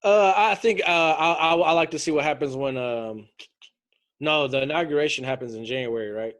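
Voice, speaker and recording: Co-host, man, a little higher than average, chatty, laughs easily, trips over his starts. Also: a bit bright. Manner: laughs often, halting restarts. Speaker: podcast co-host. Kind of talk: casual chat.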